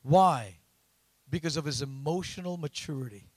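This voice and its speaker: A man preaching a sermon, often asking the congregation questions and rising to loud emphatic lines. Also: fairly high pitch, normal speed, no room sound. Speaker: pastor.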